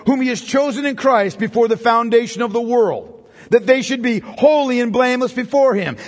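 A man preaching an expository sermon, emphatic, with rhetorical questions that build to forceful peaks. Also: extremely high pitch, big-room sound.

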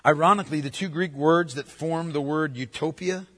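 A male pastor preaching a sermon, emphatic and swinging from hushed, drawn-out phrases to loud declarations. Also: a little high, big-room sound.

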